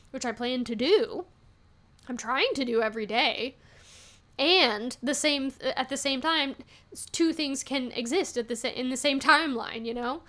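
A young woman hosting a podcast, talking casually and venting about online comments, with frequent laughs. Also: a little high. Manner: animated, venting, laughs often. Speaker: podcast host. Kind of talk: casual solo podcast talk.

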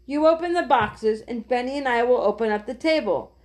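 A woman's voice: on the high side, a little fast, lightly acted. A woman reading aloud, voicing a cheerful, motherly older sister in a children's storybook.

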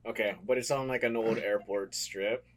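A man's voice: on the low side, fairly even intonation, moderate pace. A young man co-hosting a podcast, chatting easily, laughing often and saying "like" a lot. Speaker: podcast co-host. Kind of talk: casual podcast chat.

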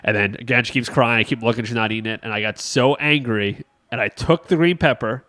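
A man in casual chat tells a frank story about parenting, laughing at himself now and then. His voice sits at an ordinary pitch and sounds dry and close, with no room around it. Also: a little fast, sharp tone, dry recording. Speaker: podcast co-host, father.

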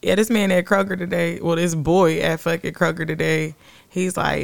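A young woman co-hosting a podcast, telling stories in a blunt, animated, profane way. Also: lowish voice, fairly quick, gravelly. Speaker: podcast co-host. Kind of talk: casual chat.

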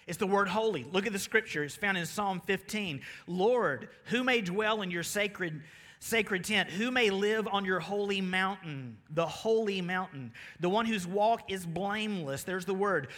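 A man with a Southern US accent preaching a sermon as pastor, energetic and calling out to his congregation. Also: high-pitched. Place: church sanctuary. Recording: long reverb of a large hall.

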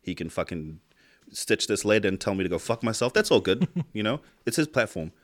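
Impassioned New man, low voice. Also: expressive, brisk. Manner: impassioned, swears a lot, rising emphatic outbursts. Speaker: podcast co-host. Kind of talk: casual chat.

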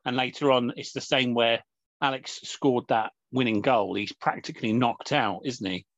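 A man's voice: medium pitch, steady tone, moderate pace, a bit bright, dry recording. A man in casual chat, thoughtful and hesitant, with many fillers. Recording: dull, dry lo-fi audio.

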